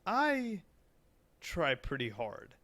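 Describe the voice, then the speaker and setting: Man, southern american accent, crude joking podcast co-host, slightly high voice. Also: huge pitch swings, extremely slow, sharp tone. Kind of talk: casual podcast chat.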